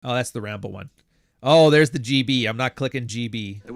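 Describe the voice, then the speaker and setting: A man's voice: mid-range voice, brisk, dry recording, clean studio sound. A man hosting a casual livestream, reading super chats and answering in a blunt, profane, rambling way. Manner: blunt, profane, rambling, acts out other people's voices. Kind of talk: casual live-stream talk.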